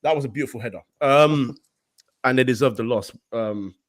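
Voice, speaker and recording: A laid-back man chats as a podcast guest, joking and filling pauses with ums. His mid-pitched voice sounds dry and close. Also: no room sound. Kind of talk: casual chat.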